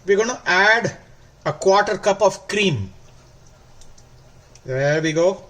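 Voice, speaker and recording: Slow-talking man demonstrating a recipe. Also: high-pitched, animated. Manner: slow, instructive, gently enthusiastic. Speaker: cooking show host. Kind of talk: cooking demonstration.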